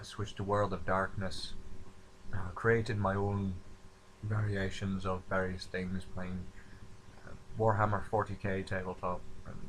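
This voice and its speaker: Brief: man, low register, slightly off Scottish accent, loose rambling vlog chat, faint hiss behind. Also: fairly bright tone, poor audio. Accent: imitated Scottish. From upstate New York. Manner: rambling, self-deprecating, offhand. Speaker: vlogger. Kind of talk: casual self-introduction monologue.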